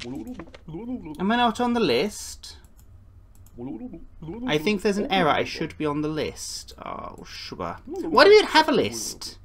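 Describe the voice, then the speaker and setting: A woman's voice: lowish voice, big pitch swings, unhurried, long pauses. A woman giving playful gameplay commentary, chatting and slipping into put-on voices for the characters. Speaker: gaming YouTuber.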